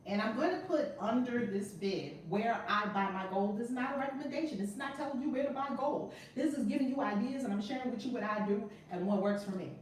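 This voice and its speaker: A woman hosting a live-streamed class, energetic and encouraging, greeting viewers and repeating key points. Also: on the high side, fast, few pauses. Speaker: teacher and host. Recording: echoey room, distant mic, faint noise.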